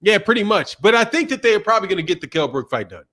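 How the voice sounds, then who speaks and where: A young adult man with a fairly high, sing-song voice hosts a casual boxing live stream, talking off the cuff very fast with few pauses. He laughs a lot and reads chat messages aloud amid loose, profane banter.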